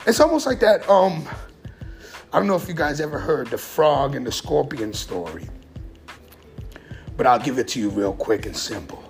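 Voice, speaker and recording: A man's voice: medium pitch, expressive, normal speed, creaky, long pauses, faint music behind. A middle-aged man giving blunt, profane advice in a casual vlog monologue. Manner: blunt, profane street talk. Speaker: vlogger giving life advice.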